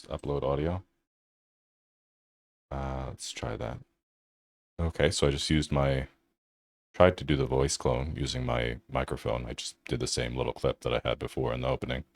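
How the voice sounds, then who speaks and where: A man's voice: rumbling low, steady tone, moderate pace, pauses often, no room sound. A man hosting a tech channel, giving loose, casual commentary over his screen and thinking aloud with fillers.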